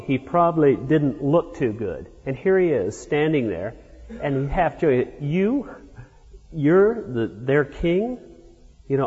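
Male preacher, husky, unhurried expository sermon, dull recording with long hall reverb. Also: medium pitch, darkish tone. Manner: unhurried, explains verse by verse with hesitations.

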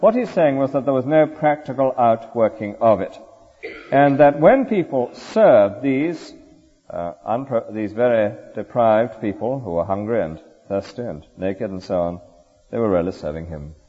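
A man's voice: medium pitch, expressive, normal speed, slightly rough. A man preaching a sermon in an earnest, rhetorical way, often ending points with tag questions. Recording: dull lo-fi recording with long hall reverb.

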